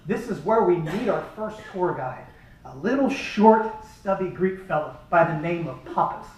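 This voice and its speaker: Man, comic speech at an event, animated delivery; echoey hall, far mic. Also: sits high, moderate pace. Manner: lively, animated storytelling. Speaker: speaker at a charity event. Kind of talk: humorous storytelling speech.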